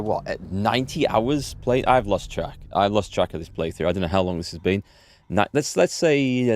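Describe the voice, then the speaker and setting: A man's voice: fairly low pitch, a little mellow. A man from northeast England streaming a video game, chatty and self-deprecating as he thinks aloud. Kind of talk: casual live-stream commentary.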